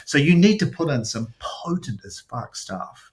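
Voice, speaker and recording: Animated, rambling man hosting a podcast. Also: medium pitch, unhurried. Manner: rambling, animated storyteller who swears freely. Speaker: podcast host. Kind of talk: casual podcast chat.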